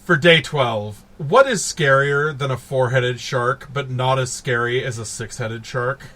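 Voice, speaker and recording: A man co-hosting a casual podcast, animated and laughing as he recaps films and acts out characters. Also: medium pitch, a little slow. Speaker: podcast co-host. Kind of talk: casual chat.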